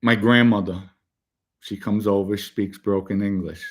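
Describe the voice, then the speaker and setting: A man's voice: fairly low pitch, measured pace. A middle-aged man casually telling a story from his own past and acting out the other people in it. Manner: animated, acts out other people's voices. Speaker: former mob associate telling his story.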